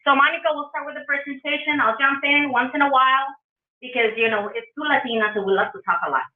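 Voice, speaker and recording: A woman's voice: high-pitched, fast talker. A woman with a Spanish accent, a public health trainer giving a chatty, playful conference talk. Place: conference room. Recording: far-off echoey phone-like audio.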